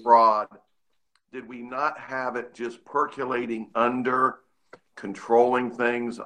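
A man's voice: medium pitch, flat delivery, takes it slowly, pushed and bright. A man on a talk show arguing his point with a string of emphatic questions. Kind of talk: casual talk-show debate.

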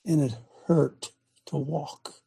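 An older man from Ohio preaching a folksy, blunt sermon, swinging between loud emphatic bursts and quiet asides. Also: on the high side, takes it slowly, creaky, breathy edge.

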